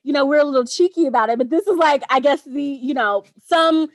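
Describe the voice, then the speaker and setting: Female podcast co-host, high bright voice, dry close sound, giggly casual chat. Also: brisk, no echo. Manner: giggly, laughs often between words. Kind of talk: casual chat reviewing a TV show.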